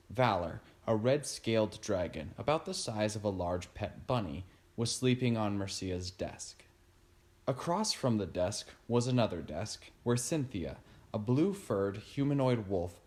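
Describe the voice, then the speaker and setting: A man narrating a storybook chapter in a steady reading voice. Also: on the low side. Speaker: audiobook narrator.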